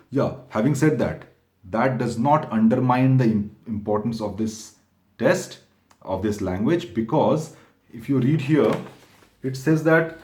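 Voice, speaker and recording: A man talks viewers through a topic in an informal, step-by-step way. His voice sits at an ordinary middle pitch, and he often pauses and restarts to correct himself. The room around him is echoey. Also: darkish tone. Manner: halting, frequent self-corrections, explains step by step. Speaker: exam prep channel host. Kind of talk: informal explainer talk to camera.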